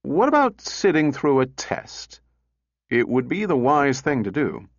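Man reading as a sardonic senior engineer, brisk, impatient, mid-pitched, dry muffled sound. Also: very animated, dry recording. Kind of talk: audiobook character reading.

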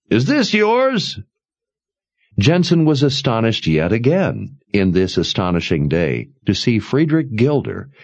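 A man telling a fantasy story as an audiobook narrator, in expressive storytelling. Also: deep voice, vocal fry, no echo, muffled recording. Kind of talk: scripted narration.

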